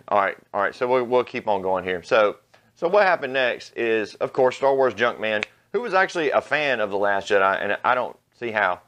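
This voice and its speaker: A man's voice: mid-range voice, sing-song, moderate pace, fairly bright tone. A man hosting his own channel, delivering a blunt, mocking, profane opinion rant. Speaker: vlog host. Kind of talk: ranting opinion commentary.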